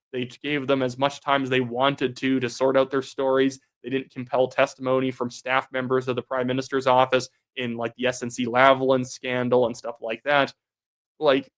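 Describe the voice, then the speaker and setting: A young man giving solo political commentary in a combative, sarcastic manner. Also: mid-range voice. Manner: sarcastic, combative, rapid reactions.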